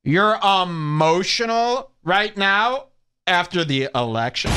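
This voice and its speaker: A man's voice: a little high, big pitch swings, normal speed, fairly bright tone. A man hosting a comedy podcast, ranting in a crude, mocking and sarcastic way. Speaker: podcast host.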